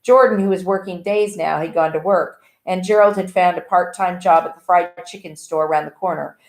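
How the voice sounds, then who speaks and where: A woman's voice: lowish voice, fairly quick. Woman reading a novel aloud, echoey. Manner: even, plain reading with small slips. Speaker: audiobook reader. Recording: echoey room.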